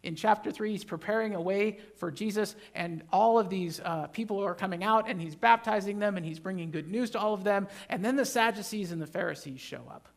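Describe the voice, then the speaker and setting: High, gravelly-voiced man preaching a sermon. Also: a little fast, few pauses. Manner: emphatic, builds to loud animated bursts, jokes with the congregation. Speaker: pastor. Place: church.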